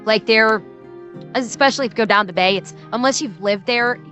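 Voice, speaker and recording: A woman with a Midwestern accent chats casually on a stream, rambling and restarting her sentences, laughing often. Her voice sits a little high and sounds bright and sharp, with faint music in the background. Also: fairly quick. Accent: Midwestern American.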